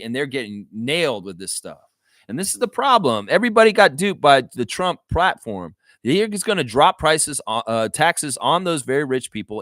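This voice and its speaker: A man's voice: mid-range voice, fairly bright tone, dry recording, studio quality. A man hosting a live stream, reading chat comments and ranting bluntly with frequent swearing. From Canada.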